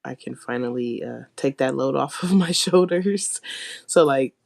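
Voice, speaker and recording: A woman co-hosting a podcast with a raspy voice, speaking expressively in casual chat. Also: a bass voice, a little slow, a little mellow, no echo, studio quality. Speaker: podcast co-host.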